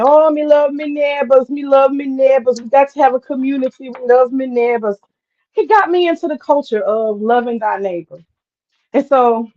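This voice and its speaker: A woman hosts a casual live stream and tells a story, candid and chatty, swearing freely and talking back to the chat. Her voice sits a little high. The sound is dull and lo-fi. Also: darkish tone. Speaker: host.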